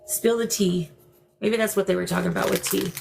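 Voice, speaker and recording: A woman's voice: medium pitch, fairly even intonation, brisk, vocal fry, darkish tone, a little hiss or hum. An older woman hosting a paranormal livestream from home, chatting casually, laughing and coaxing spirits with questions. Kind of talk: casual live-stream chat.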